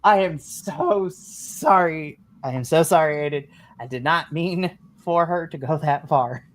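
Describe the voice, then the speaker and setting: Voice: mid-range voice, normal speed, close to an everyday voice. A jittery teenage boy who keeps hedging and trailing off mid-thought, as a game master puts him on. He rambles in loose, unsure bursts of casual tabletop role-play talk. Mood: flustered. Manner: hesitant, trailing off with "I guess".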